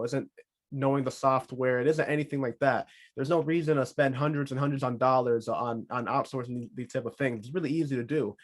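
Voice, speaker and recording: A man hosting a solo podcast, talking casually with rambling, joking asides. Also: mid-range voice. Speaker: podcast host.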